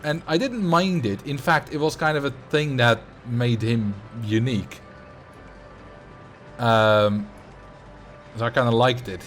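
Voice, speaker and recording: A man's voice: medium pitch, unhurried, pauses often, fairly bright tone, faint music behind. Man in his late twenties telling rambling anecdotes. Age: late 20s. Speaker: livestream host. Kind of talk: casual livestream chat.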